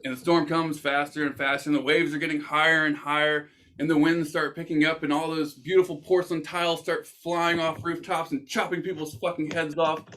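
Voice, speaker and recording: A man's voice: fairly high pitch, fairly quick, hardly any pauses. A young man hosting a casual podcast, telling a story with lots of swearing and acted-out quotes. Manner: animated, swears, acts out quoted voices. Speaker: podcast host.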